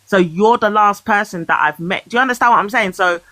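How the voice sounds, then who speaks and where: A co-host talking casually and insistently, asking for agreement again and again. The voice is bright and sharp and close to the mic, with a dry sound. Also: mid-range voice, fairly quick, no room sound. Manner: emphatic, repeats for agreement. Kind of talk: casual chat.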